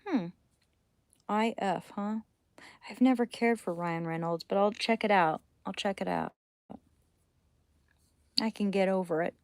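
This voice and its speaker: A woman chatting casually on a late-night livestream at home, rambling between thoughts and often dropping to a hushed near-whisper. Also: medium pitch, a little slow, long pauses, no echo. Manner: rambling, drifting between thoughts while reading chat.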